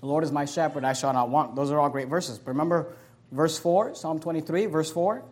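Male pastor, high voice, sermon delivery, emphatic scripture reading with rhetorical questions. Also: a little fast. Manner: preaching, swings from loud emphatic scripture reading to quiet, low asides; reads old-style scripture and answers rhetorical questions.

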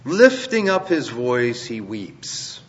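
A man's voice: mid-range voice, very animated, slow. A man teaching scripture verse by verse in a sermon, explaining earnestly and with emphasis, posing rhetorical questions. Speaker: preacher. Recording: dull lo-fi recording in a reverberant hall.

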